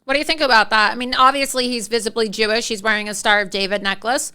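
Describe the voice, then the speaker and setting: A woman's voice: on the high side, fairly even intonation, sharp tone, clear, resonant tone. A woman hosting a political talk show, outraged and incredulous as she talks with a guest. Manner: outraged, quick asides, laughs in disbelief. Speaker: host.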